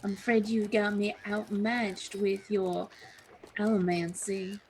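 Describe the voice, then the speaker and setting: A woman's voice: medium pitch, little pitch movement, slow pace, darkish tone, slight background noise. A woman playing a tabletop game, voicing her character in a prim, pleading way. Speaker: player. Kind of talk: tabletop game role-play.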